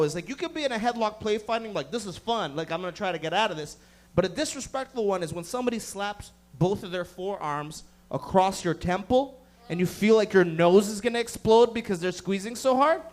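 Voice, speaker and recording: High-voiced, profane stand-up comic. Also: male voice, animated, fairly quick. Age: 30s. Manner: profane, rowdy storytelling. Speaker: stand-up comedian. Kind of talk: stand-up comedy. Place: comedy club stage.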